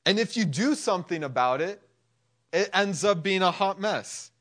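A man's voice: sits high, lively intonation, normal speed, a bit bright. A man preaching a casual sermon in a conversational way, full of "like" and acting out people's inner thoughts. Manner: conversational, filler-heavy, acts out inner thoughts.

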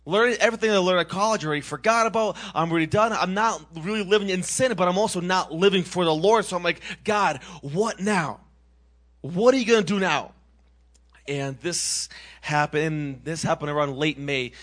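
A young man from Massachusetts gives his personal testimony in an earnest, animated storytelling voice. His voice sits a little high for a man, and he often breaks off and restarts his sentences. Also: a little fast. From Massachusetts, USA.

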